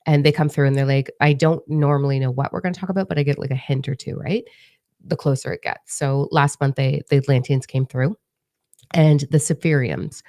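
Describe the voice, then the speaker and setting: Low, gravelly woman, chatty livestream host, slight lisp. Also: dark tone, no echo, studio quality. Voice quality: slight lisp from new braces. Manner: chatty, rambling, with many fillers. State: recovering voice after lung trouble. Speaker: spiritual channeler hosting a livestream. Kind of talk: casual live-stream chat.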